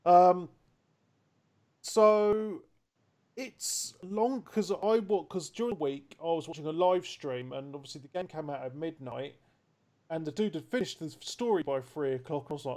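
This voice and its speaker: A man telling stories in casual podcast chat, lively and loose, with slang and the odd swear. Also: on the high side, moderate pace. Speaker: podcast co-host.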